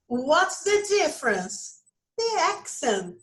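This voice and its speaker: A woman's voice: a little high, sing-song, rough recording. A woman from Brazil with a Brazilian accent, teaching an English lesson and asking her students questions. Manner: slow, questioning, repeats prompts to students. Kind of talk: online class lesson.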